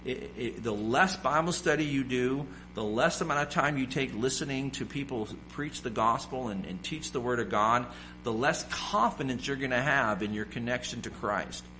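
A man's voice: mid-range voice, pushed and bright, slight background noise. A man preaching a sermon, emphatic and repetitive, firing off rhetorical questions.

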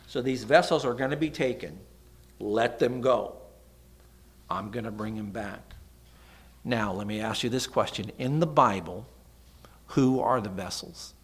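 A middle-aged man preaching a sermon in an animated, dramatic way, dropping into sudden soft asides. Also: medium pitch.

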